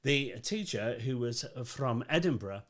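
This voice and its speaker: An English man hosting a live online chat show, talking in a playful, jokey way. His pitch is mid-range but very animated, rising and falling as he tells stories. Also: unhurried. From England. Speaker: host. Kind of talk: casual live-stream chat.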